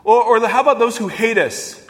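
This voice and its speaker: A male pastor delivers an animated sermon in a fairly high voice, pressing his points with rhetorical questions and sudden emphasis. His voice rings out with a long reverb, as though filling a large church sanctuary. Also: a little fast.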